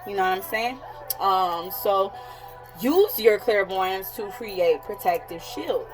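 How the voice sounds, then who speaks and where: A woman's voice: mid-range voice, animated, slow, soft background music, poor audio. A woman in her thirties, a psychic coach, talking in a casual vlog, candid and blunt, swearing freely and often laughing. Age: 30s.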